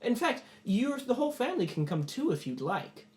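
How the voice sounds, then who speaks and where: A man voicing a smooth-talking male envoy who speaks grandly and flatters. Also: extremely high pitch, fairly quick, roomy sound, pitched above the performer's own voice.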